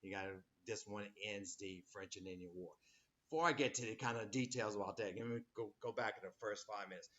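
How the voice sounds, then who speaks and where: A man's voice: fairly low pitch, a little fast, a bit bright, lo-fi sound. A man teaching a history class, rambling with many fillers and acting out quotes as he lectures.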